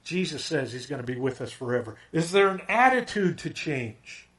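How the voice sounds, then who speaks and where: Husky-voiced pastor giving a chatty sermon. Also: male voice, a little high, big pitch swings, moderate pace, fairly bright tone. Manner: conversational, frequent "okay?" and "right?" check-ins.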